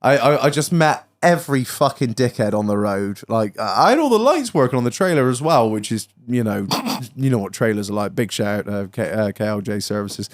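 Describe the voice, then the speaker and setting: A man telling a long, swearing-laden story on a podcast, jumping into high voices for the people he quotes. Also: expressive, a little fast, hardly any pauses. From England. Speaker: podcast co-host. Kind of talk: casual storytelling chat.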